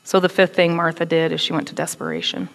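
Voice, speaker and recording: A woman giving a conversational, animated sermon, acting out quotes with attitude. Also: low-pitched, fast, vocal fry, in a large hall. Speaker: preacher.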